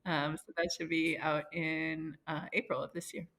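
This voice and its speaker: A woman in her forties with a somewhat low voice talks easily through an interview. She is chatty, laughs often and slips into playful little quoted voices. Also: little pitch movement, normal speed, a bit bright. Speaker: guest, founder. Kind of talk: casual interview conversation.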